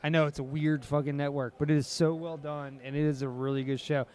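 A man's voice: on the high side, level tone, a little fast, a little mellow. A man co-hosting a podcast in loose, profane, rambling casual chat. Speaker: podcast co-host.

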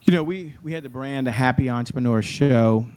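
Man, interview guest, motivational storyteller, animated, average pitch. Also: fairly quick. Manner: animated storyteller, preachy encouragement. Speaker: guest, show host and sales coach.

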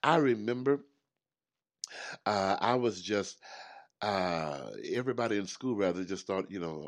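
Lively chatty man hosting a talk show. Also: sits low, normal speed, vocal fry. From United States. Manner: animated, chatty, repeats himself. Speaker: host.

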